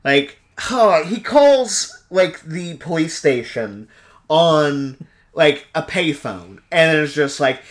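A man's voice: a little high, expressive, slow. A man casually recapping a film plot on a podcast, rambling with lots of fillers and acting out lines. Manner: rambling, heavy use of "like", acts out quotes. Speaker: podcast co-host.

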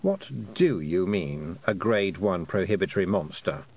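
A man's voice: deep voice, lively intonation, measured pace, gravelly, darkish tone, full character voice. A man voicing a sarcastic male talking toad in an audiobook, dry and knowing. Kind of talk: audiobook character voice.

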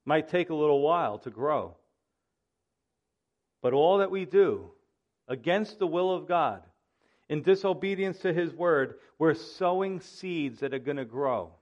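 A man preaching a verse-by-verse sermon in a high voice, pushing hard on his points and then dropping quiet. His delivery swings between urgent emphasis and low, earnest asides. The recording sounds dull and lo-fi. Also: expressive, a little slow. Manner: emphatic preaching with rising and falling intensity. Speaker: pastor.

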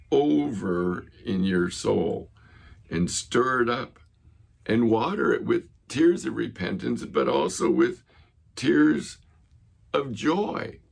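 Low, deeply gravelly male pastor. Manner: earnest, retells conversations. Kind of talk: sermon with storytelling.

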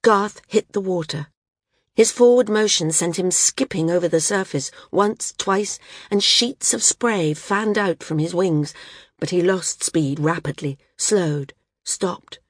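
A woman with a slightly low, husky voice narrates a novel in a measured storytelling manner, giving the characters distinct tones. The recording is dry and close, with no room sound. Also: no room sound. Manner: measured reading, lifts pitch for shouted dialogue. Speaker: audiobook narrator. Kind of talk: scripted narration.

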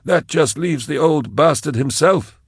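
Dude doing a nervy young henchman, high strained pleading voice. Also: a little slow, breathy edge, dry recording, studio quality. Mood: anxious.

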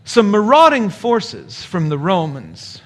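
A man's voice: sits high, wildly swooping pitch, slow, a bit bright. A middle-aged man, a pastor, preaching a sermon in a conversational way, explaining points and adding rhetorical asides.

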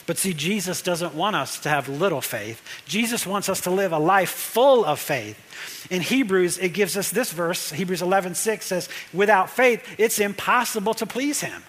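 A man's voice: high voice, expressive, normal speed, fairly bright tone. A man preaching a conversational sermon as a pastor, repeating phrases for emphasis.

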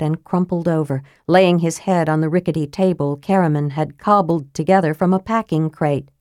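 A woman narrating a fantasy audiobook in a measured, grave storytelling manner, close to a studio microphone. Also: fairly low pitch, a little mellow, no echo.

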